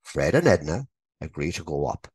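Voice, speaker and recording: A man's voice: very deep voice, normal speed, husky, no echo. A man co-hosting a comedy podcast, telling a joke with lots of laughter. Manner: animated storyteller, laughs often. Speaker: podcast co-host.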